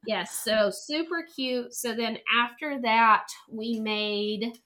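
A woman chatting as a guest, an animated storyteller who acts out quotes. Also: fairly high pitch, takes it slowly. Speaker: podcast guest, travel planner. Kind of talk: casual chat.

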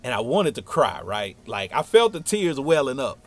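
A man's voice: mid-range voice, normal speed. A young man telling a funny personal story in casual slang, acting out every line of dialogue. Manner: animated, slangy, acts out dialogue.

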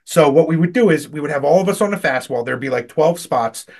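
A man's voice: fairly high pitch, expressive, fast talker. A man co-hosting a podcast, telling rambling, profane work stories in casual chat and laughing often. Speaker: podcast co-host.

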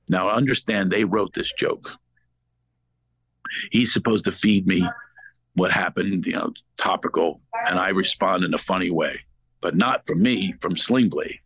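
A middle-aged man from Philadelphia, a comedian, tells his story with a very deep voice. The sound is dry and close, and he keeps slipping into character impressions. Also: no room sound, rough recording. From Philadelphia, United States. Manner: animated storyteller who slips into impressions. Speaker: guest comedian. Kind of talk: podcast storytelling.

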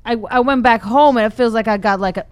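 A woman's voice: a little high, quick pace, clear, resonant tone, no room sound. A woman from Israel, a stand-up comedian, telling stories candidly as a guest on a radio talk show. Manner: candid storytelling, swears. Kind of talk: casual chat.

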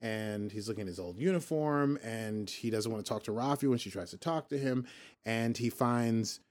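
A man's voice: fairly low pitch, moderate pace, darkish tone. A man hosting a podcast, casually recapping a TV episode in a rambling, joking way, often correcting himself. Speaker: podcast host.

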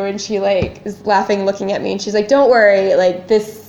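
A woman's voice: mid-range voice, fairly even intonation, normal speed, darkish tone. A woman co-hosting a podcast, telling a story in casual chat and acting out her own panic. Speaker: podcast co-host. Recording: echoey room, dull lo-fi sound.

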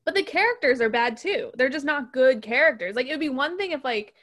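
High-voiced sarcastic young woman. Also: animated, fairly bright tone. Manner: sarcastic, giggly, quick jokes. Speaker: podcast co-host. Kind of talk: casual movie recap chat.

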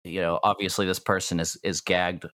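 A man narrating as game master of a tabletop game, in a loose, joking way, dropping low and quiet for asides. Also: flat delivery, brisk, no echo, clean studio sound.

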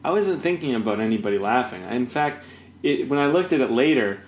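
Male actor, mid pitch, reflective casual talker, roomy echo. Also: animated, a little fast, slight background noise. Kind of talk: casual conversation.

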